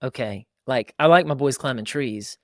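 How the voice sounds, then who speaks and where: A man's voice: medium pitch, brisk, dry recording, clean studio sound. A man who hosts a podcast and is a pastor, talking earnestly in casual conversation about fatherhood and acting out bits of dialogue. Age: adult father of young boys. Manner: earnest, acts out quoted dialogue in a raised voice.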